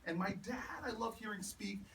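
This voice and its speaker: A man with a notably high voice gives an animated campaign speech, weaving in stories and building to repeated rallying lines. He is picked up from a distance in a home, with clear background noise around him. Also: moderate pace. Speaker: politician. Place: house party in a home. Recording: distant mic with room noise.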